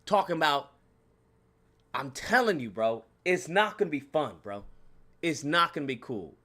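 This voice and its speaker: A man rants casually on his own channel, swearing freely and laughing as he spins a story. His pitch leaps all over the place, and he keeps acting out his own reactions. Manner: animated, profane, laughing, acts out his reactions. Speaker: channel host.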